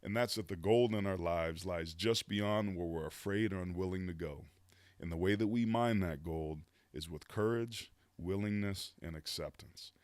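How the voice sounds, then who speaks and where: A man in his fifties with a fairly low voice shares his story as a podcast guest. He is earnest and motivational and drops casual words like "dude" and "man." The sound is dry, with no room echo. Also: normal speed, darkish tone. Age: 50s. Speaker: podcast guest, former pro football player. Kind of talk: reflective storytelling in conversation.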